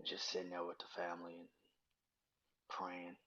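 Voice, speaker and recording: A man hosting a podcast, talking through grief in a halting, tearful way that often sinks into a breathy near-whisper. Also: low-pitched, monotone, pushed and bright, highs cut off. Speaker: podcast host. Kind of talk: personal monologue on grief.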